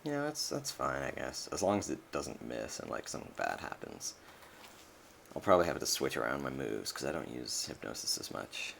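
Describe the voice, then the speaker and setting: A man's voice: a bass voice, sing-song, a little fast, gravelly, fairly bright tone, slight background noise. A young man giving casual, rambling commentary over a video game he is playing, full of fillers and restarts. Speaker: let's play commentator.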